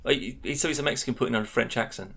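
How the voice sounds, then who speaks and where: A man's voice: medium pitch, very fast, creaky, fairly bright tone, a little hiss or hum. A man co-hosting a podcast, chatting casually and giving his opinions emphatically. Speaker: podcast co-host. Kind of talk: casual chat.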